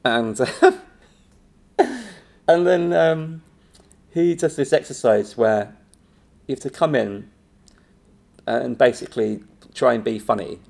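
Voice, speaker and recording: A man who teaches improv, telling a long anecdote in a relaxed interview. His voice sits mid-range with a gravelly, fry-edged texture. He laughs often and jumps into quoted voices. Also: mid-range voice, slow pace, long pauses. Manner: animated storytelling, laughing often, acting out quotes. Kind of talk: casual anecdotal chat.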